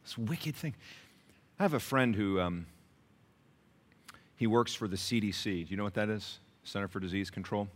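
A male pastor preaching a sermon, telling stories with lively swings from shouts to hushed whispers. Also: fairly low pitch, moderate pace, long pauses.

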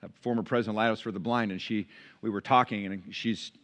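Fast and fairly low in pitch, a man preaches a sermon as pastor from the pulpit in a church sanctuary. He acts out the voices of the characters in his animated stories, using a pulpit microphone.

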